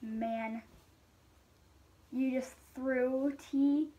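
A young woman playing an easily aggravated British official in a homemade history skit. The voice is high and whiny, and the complaints keep pleading. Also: steady tone, extremely slow, warm tone, muffled recording.

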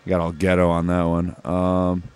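Man, lowish voice, casual let's-play commentary, swears a lot, wry asides. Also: monotone, moderate pace, darkish tone, clean tone, dry recording. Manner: offhand, swears freely. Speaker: gameplay commentator.

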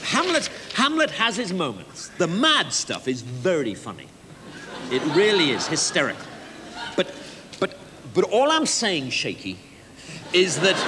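A man's voice: high-pitched, full character voice. An actor playing a pushy, glib theatre producer who talks in a coaxing, salesman-like patter in a live comedy sketch. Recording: live stage audio with hall reverb and noise.

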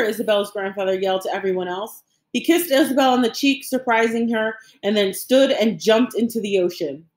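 Female audiobook narrator, measured, expressive, mid-pitched voice. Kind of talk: scripted narration.

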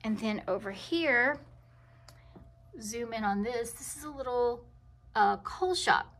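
A woman giving a casual tour of her home in a vlog, talking gently with many ums and pauses. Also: fairly high pitch. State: emotional. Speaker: vlogger. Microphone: handheld camera walked around.

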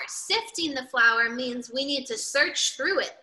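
A woman's voice: sits high, measured pace, rough recording. A woman teaching a children's cooking class on a video call, reading a storybook aloud and asking the kids questions. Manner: animated, asks kids questions.

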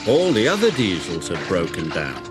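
A man's voice: low voice, normal speed. A man reading a children's storybook aloud as narrator, with music behind. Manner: expressive.

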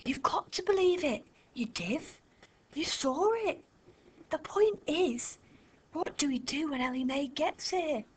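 A plucky, bossy schoolgirl, as a woman reading a storybook voices her, whispers her plans in a high, urgent voice. Her words come slow and deliberate. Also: lively intonation. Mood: whispering urgently. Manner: urgent whispers rising to shouts.

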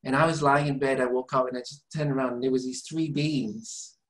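A man's voice: mid-range voice, fairly even intonation, a little fast, hardly any pauses, low-quality recording. A man, a guest in an interview, telling a personal story earnestly, meandering with many restarts. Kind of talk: conversational storytelling. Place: Southampton, UK.

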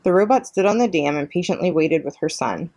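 Librarian woman, storytime reading for young kids, lower register, clear and steady. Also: a little fast, dry recording. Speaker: children's librarian. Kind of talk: reading a chapter book aloud.

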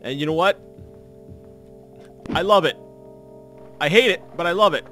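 A man's voice: a little high, unhurried, fairly bright tone, soft background music. A man in his thirties giving rambling, self-mocking commentary while playing a game, full of restarts and fillers. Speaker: let's play commentator. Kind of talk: gameplay commentary.

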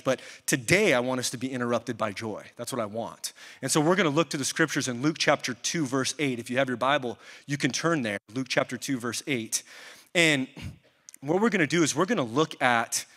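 A young adult man preaching a sermon as a pastor, telling lively stories and asking the audience questions. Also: medium pitch, long reverb tail. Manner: storytelling, animated, asks the audience questions.

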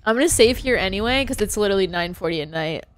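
A woman's voice: mid-range voice, expressive, fast, faint music behind. A woman streaming a game who is crying and laughing, gushing and breathless with emotion. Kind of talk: livestream commentary.

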